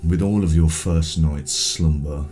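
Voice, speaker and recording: A man narrating a tabletop game as game master, setting each scene in a measured way with the odd filler. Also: rumbling low, mellow, faint music behind.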